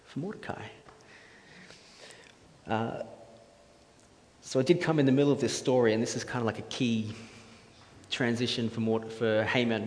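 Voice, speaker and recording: A man's voice: on the low side, darkish tone. Chatty, joking male preacher in echoey hall. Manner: jokey, chatty, asks the audience questions. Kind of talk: casual sermon. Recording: echoey hall with faint ambience.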